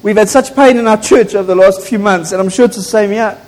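A man's voice: high voice, quick pace, darkish tone. A man, a pastor preaching an impassioned, emphatic sermon in a church. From South Africa. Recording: echoey church hall.

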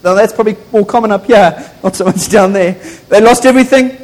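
A man's voice: high-pitched, a little fast, darkish tone. A man, a pastor preaching an impassioned, emphatic sermon in a church. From South Africa. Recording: echoey church hall.

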